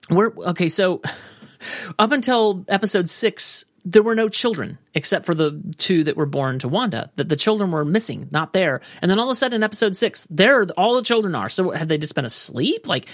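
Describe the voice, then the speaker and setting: A co-host in a casual show recap, thinking out loud and often trailing off unsure. The voice sits at an ordinary middle pitch. It is recorded dry and close, with no room echo. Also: lively intonation, a little fast. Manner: musing, hedging, often trails off with "I don't know".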